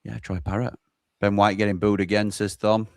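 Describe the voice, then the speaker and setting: A man with a lowish voice hosts a football watchalong stream, reading viewers' messages aloud and chipping in with his own wry takes. The sound is dry and close, with no room around it. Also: little pitch movement, moderate pace, darkish tone, no room sound. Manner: reads out chat messages, chatty and wry. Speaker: host reading viewer comments. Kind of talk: casual football watchalong chat.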